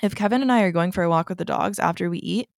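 A young woman with a low, gravelly voice, co-hosting a podcast. She talks earnestly and reflectively, sharing practical advice. The recording is dry and close. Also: rapid-fire, dry recording. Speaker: podcast co-host. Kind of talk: casual chat.

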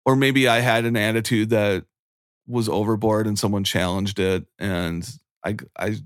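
A man's voice: on the low side, fairly even intonation, normal speed, no echo, clean studio sound. A man in his forties talking in a casual, rambling, earnest way, full of "like" fillers. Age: 40s. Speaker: guest. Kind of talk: casual chat.

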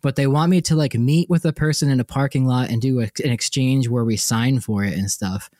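A man's voice: medium pitch, fairly even intonation, brisk, darkish tone, no echo. A man co-hosting a casual podcast, joking and rambling with many laughs, on a close mic. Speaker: podcast co-host.

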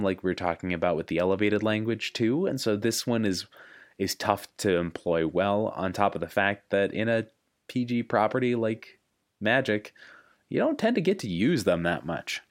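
A man's voice: lowish voice, lively intonation, normal speed. A man hosting a podcast, talking casually and thoughtfully, with fillers and restarts. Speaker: podcast host.

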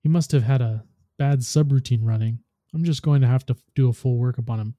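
An excitable young woman who tinkers in her workshop and gushes as she talks, as a man voices her. The tone stays very dark and mellow, recorded dry. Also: mid-range voice, brisk, dry recording, close to an everyday voice. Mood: eager. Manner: gushing, then worried.

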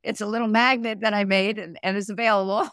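Woman, middle-aged, coach in a podcast interview, explanatory, animated, gravelly voice. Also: medium pitch, fast, no room sound, clean studio sound. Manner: animated, explanatory, talks with her hands. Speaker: executive performance coach and therapist. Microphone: remote audio, no camera.

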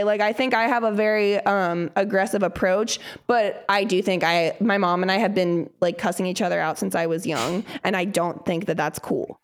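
A young woman co-hosting a podcast, telling stories in a casual, animated way, swearing a lot and acting out quotes loudly. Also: medium pitch. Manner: animated storyteller, heavy swearing, loud acted quotes. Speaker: podcast co-host. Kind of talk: casual chat.

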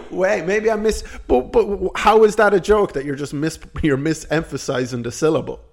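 Man, podcast co-host, teasing, sarcastic, swears a lot, slightly high voice. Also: steady tone, measured pace. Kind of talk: casual comedic banter.

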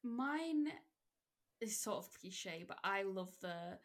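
Woman podcast co-host, mid-pitched, enthusiastic and gushing. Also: animated, slow pace, pauses often, fairly bright tone. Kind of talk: casual chat.

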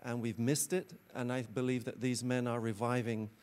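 A man's voice: mid-range voice, level tone, normal speed, a little mellow. Earnest man introducing guest speakers. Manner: earnest and appreciative, with frequent "uh" fillers. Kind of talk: introduction remarks.

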